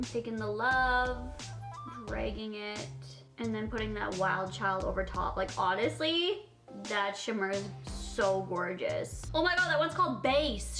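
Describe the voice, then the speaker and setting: A young woman filming a casual makeup tutorial, bubbly and gushing, often giggling. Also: mid-range voice. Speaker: beauty vlogger.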